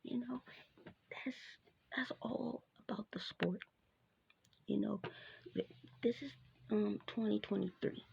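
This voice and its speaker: A woman's voice: medium pitch, slow pace, vocal fry, pauses often, husky, highs cut off. A woman hosting her own basketball show, chatting casually through a sports recap with lots of fillers and asides.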